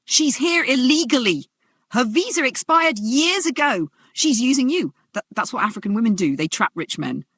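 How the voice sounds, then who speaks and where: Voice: mid-range voice, expressive, moderate pace, gravelly, dry recording. A narrator voicing a drunk, raging young man who slurs and shrieks his threats, in a narrated drama story. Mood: screaming rage.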